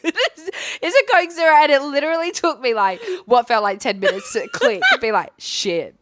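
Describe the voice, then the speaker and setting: A young adult woman co-hosting a podcast, telling a festival story in a casual, animated way, laughing often and acting out quotes. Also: sits high, normal speed. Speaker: podcast co-host.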